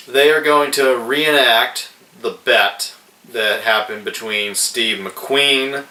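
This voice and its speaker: A man reviewing a film in a casual, hesitant way, pausing often with fillers. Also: mid-range voice, bright, forceful tone. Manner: slow, hesitant, with many fillers. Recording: roomy echo, distant mic.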